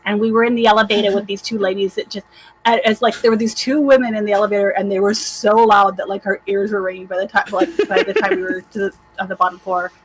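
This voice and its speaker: A woman's voice: medium pitch, little pitch movement, fast talker, slight background noise, low-quality recording. A woman player chatting casually in a rambling way, with lots of "like". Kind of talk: casual chat.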